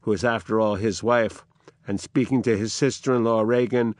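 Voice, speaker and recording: An older man giving a literature lecture, telling the scene slowly and dramatically and reading out the quotes. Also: lowish voice, steady tone, darkish tone, dry recording, studio quality. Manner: slow, dramatic storytelling with acted quotes.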